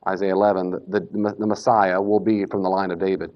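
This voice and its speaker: A man teaching a Bible class in a casual lecture style, animated and self-correcting, now and then acting out the speakers he quotes. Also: low voice, brisk. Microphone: Bluetooth mic that cuts out. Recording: dull lo-fi lecture recording.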